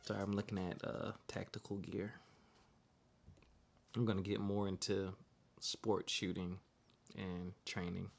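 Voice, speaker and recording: A man's voice: sits low, little pitch movement, unhurried, vocal fry, long pauses, slight background noise. A man hosting a podcast in casual, loose, slangy chat, joking with his co-host.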